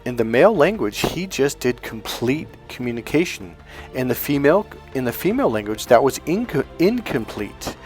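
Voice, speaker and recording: A male relationship coach talks straight to his listeners in an emphatic, persuasive monologue. His voice sits at a mid pitch, and he slips into quick acted lines from both partners. Soft music plays faintly underneath. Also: sing-song. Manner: emphatic, acts out quoted couples' lines.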